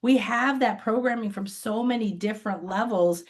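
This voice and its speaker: Her voice a little high and her speed normal, this spiritual teacher tells stories casually as an interview guest. Animated and quick to laugh, she performs the voices of the people she quotes. She lives by a beach.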